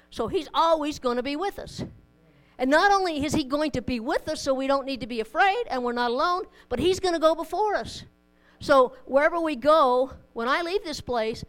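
A woman's voice: sits high, lively intonation, moderate pace, poor audio. A woman preaching a sermon to a congregation, conversational and plainspoken, mixing scripture with homely stories and light humor. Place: church in front of a congregation.

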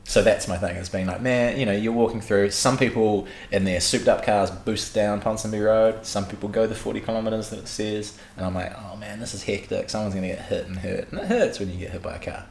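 A young New Zealand man tells loose, animated stories in a relaxed chat and swears freely along the way. His low voice has a gravelly edge. The room is echoey, with a faint hum behind him. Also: brisk, hardly any pauses. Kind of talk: casual chat.

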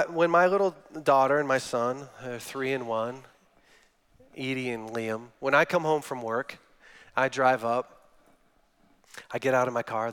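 A man's voice: medium pitch, fairly bright tone, clean tone. A man in his thirties, a guest speaker giving a sermon, telling stories and acting out quotes. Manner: storytelling with acted-out quotes. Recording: long hall reverb.

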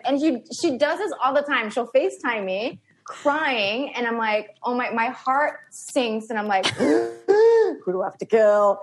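Animated young woman guest, lively retelling. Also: a little high, moderate pace. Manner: animated storyteller, acts out quotes. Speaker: podcast guest. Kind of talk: casual chat.

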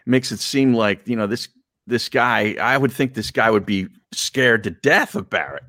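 A man's voice: fairly low pitch, moderate pace, bright, forceful tone, dry recording. A man co-hosting a casual podcast chat, laid-back, joking and chiming in. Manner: laid-back, jokes and interjects. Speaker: co-host.

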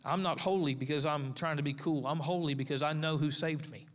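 A man delivers a sermon, building his points through emphatic repetition. His voice sits slightly high for a man. The sound rings out with a long reverb from a large church hall. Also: steady tone, a little fast. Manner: emphatic preaching with repeated phrases. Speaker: pastor.

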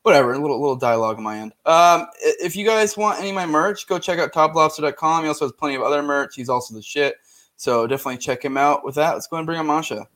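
A man's voice: on the high side, fast talker, fairly bright tone. A man hosting his own podcast, talking loosely and crudely in casual chat. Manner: loose and profane, lots of fillers and restarts. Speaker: podcast host.

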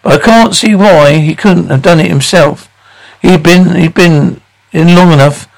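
Sharp-tongued young daughter, scornful, sitcom. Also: female voice, on the low side, a little slow, vocal fry, low-quality recording. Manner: scornful, cutting.

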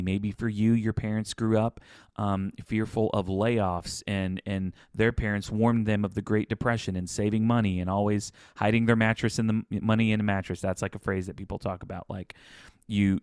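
Man, low voice, podcast co-host, casual chat, relaxed with restarts, dry close sound. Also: clear, resonant tone, no echo. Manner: relaxed, repeats and restarts words.

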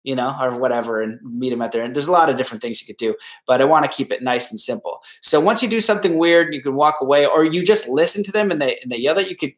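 A man hosting a solo podcast, giving casual, rambling advice and acting out the people he quotes. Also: fairly high pitch. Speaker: podcast host.

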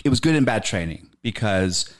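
A man's voice: on the low side, lively intonation, moderate pace. A man who is a comedian, a guest on a podcast, talking about the craft in a reflective way and laughing and agreeing readily. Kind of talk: casual comedy-shop chat.

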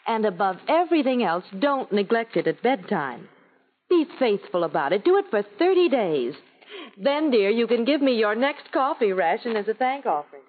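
A woman's voice: a little high, very animated, normal speed. An actress playing a chatty, bossy woman giving her friend advice in a 1940s radio ad, coaxing and instructive. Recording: tinny 1940s radio broadcast.

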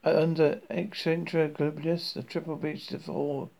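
A man's voice: a little high, flat delivery, normal speed, creaky, a little mellow. A man reading aloud and voicing a laid-back alien traveller with a breezy, offhand delivery.

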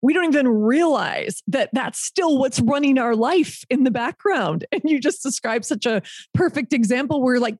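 A woman's voice: high voice, expressive, moderate pace, few pauses, darkish tone, breathy edge, no room sound, studio quality. A woman hosting an interview podcast, chatty and emphatic, affirming her guest. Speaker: podcast host. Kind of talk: casual interview chat.

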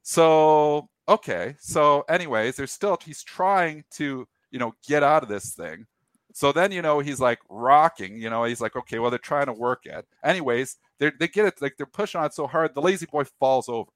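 A man's voice: on the high side, moderate pace, no room sound. A man hosting a show, casually telling a long funny anecdote and acting out the quotes. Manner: animated anecdote with acted-out quotes and restarts. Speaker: show host. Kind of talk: casual storytelling on a market show.

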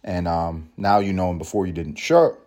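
A man hosting his own podcast at home, ranting in a profane, sarcastic way and swinging between loud jabs and low mutters. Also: fairly even intonation, moderate pace, a little hiss or hum. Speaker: podcast host and father. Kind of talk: solo comedic podcast rant.

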